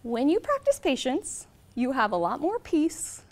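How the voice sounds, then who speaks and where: High-voiced woman giving an animated talk. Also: a little slow. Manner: animated, heartfelt storytelling. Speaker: motivational speaker. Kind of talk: inspirational presentation. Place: presentation room with a live audience.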